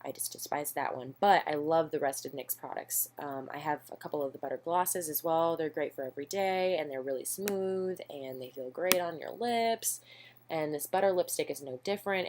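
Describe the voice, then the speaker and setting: Low-pitched young woman, casual beauty vlogger, chatty and self-deprecating, recorded at home on a camera mic. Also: background noise. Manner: rambling, chatty, self-deprecating, lots of ums. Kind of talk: casual makeup haul chat. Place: home, indoors.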